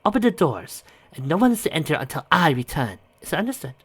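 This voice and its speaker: A man's voice: fairly high pitch, very animated, fast, slightly rough, pitched above the performer's own voice, full character voice. A man voicing a female military commander, firm with her troops and tender with a captive creature. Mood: commanding.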